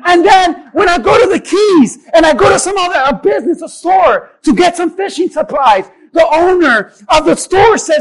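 A man, a pastor, preaching a sermon and telling a personal story with animated delivery that builds to forceful exhortation. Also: very high-pitched, normal speed, hardly any pauses, crowd noise, poor audio.

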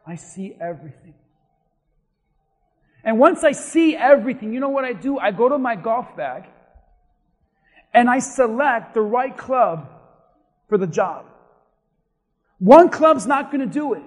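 A man, a pastor, preaching a sermon and telling a story in an animated way, dropping to a hush and rising to shouts. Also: sits high, measured pace, pauses often, long reverb tail. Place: church sanctuary.

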